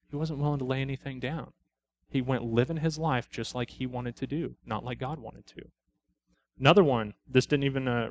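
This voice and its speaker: A middle-aged male police officer shares a testimony at a church study, narrating his calls in a plain, conversational way. He quotes the people he met and lands on blunt, preachy conclusions, in a voice of ordinary middle pitch. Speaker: lay speaker at a church study. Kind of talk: personal testimony in a church talk.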